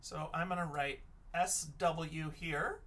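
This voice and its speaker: A man's voice: on the high side, fairly even intonation, slow pace, fairly bright tone. A male teacher giving a recorded reading lesson for children, patiently sounding out words letter by letter.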